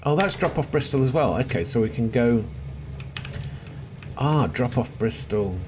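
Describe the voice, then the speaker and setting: A man's voice: medium pitch, animated, a little slow. Rambling middle-aged man muttering over gameplay. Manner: chatty, self-deprecating, mutters to himself while playing. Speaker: let's play host. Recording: noisy background with seagulls.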